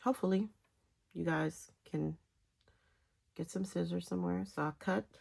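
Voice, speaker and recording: A woman giving a casual step-by-step knitting tutorial, talking in halting phrases with pauses between them. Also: lowish voice, vocal fry, darkish tone. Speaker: knitting instructor.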